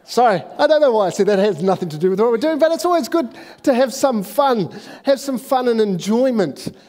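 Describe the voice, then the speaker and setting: High-voiced joking man at church. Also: animated, fairly quick, a little mellow, big-room sound. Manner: chatty, joking, self-deprecating. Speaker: church speaker. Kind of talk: casual sermon introduction. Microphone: clip-on microphone.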